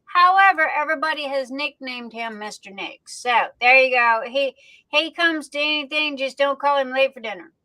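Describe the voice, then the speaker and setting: A woman hosting a casual livestream, greeting viewers by name in a chatty way with lots of drawn-out fillers. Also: high voice, bright, forceful tone, no room sound, poor audio. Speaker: livestream host. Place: home streaming setup.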